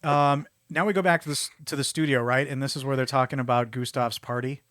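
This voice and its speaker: A man in a relaxed film chat who keeps acting out the characters' lines himself. He sounds mid-pitched and natural. The recording is dry and close, with no room sound. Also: dry recording. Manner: animated, acts out characters' lines in quick impressions. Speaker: podcast co-host. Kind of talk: casual film discussion.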